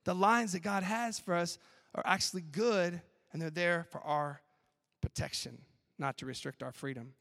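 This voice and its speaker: A man who is a professor preaching a chapel sermon in an animated, playful way. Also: sits high, moderate pace. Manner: animated, playful, acts out skits with laughs. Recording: long hall reverb.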